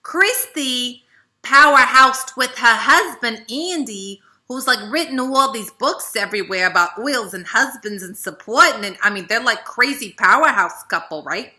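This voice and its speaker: Southern lady team leader giving a pep talk, chatty, lots of "right?", real bright voice. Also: fairly high pitch, unhurried. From American South. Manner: chatty, animated, with frequent "right?" and "okay". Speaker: network marketing team leader.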